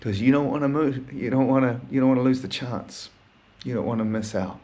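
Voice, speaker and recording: A man's voice: medium pitch, a little fast, dark tone, lo-fi sound, lightly acted. A man voicing his inner female queen figure, blunt, teasing and swearing, in an everyday voice close to his own. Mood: probing.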